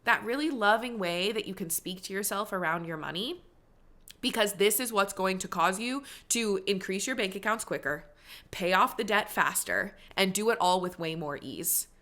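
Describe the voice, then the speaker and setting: Bright-voiced woman coaching podcast host. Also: mid-range voice, moderate pace. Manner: earnest, encouraging, coaching tone. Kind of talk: solo motivational podcast monologue.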